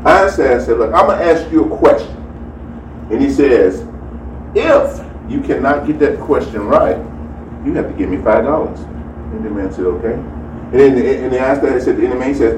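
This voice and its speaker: A man's voice: mid-range voice, lively intonation, moderate pace, recorded from a distance. Casting: male pastor, easygoing chatty delivery, heard from off the mic in a roomy hall. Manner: chatty, lots of "you know" and "amen". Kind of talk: casual sermon with announcements. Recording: roomy, from off the mic, faint noise.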